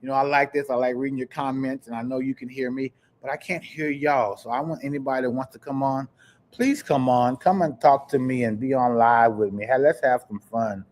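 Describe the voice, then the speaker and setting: Chatty animated male podcast host. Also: medium pitch, fairly quick, slight background noise. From Kansas. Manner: animated storyteller, chatty, addresses viewers directly. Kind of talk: casual live-stream chat.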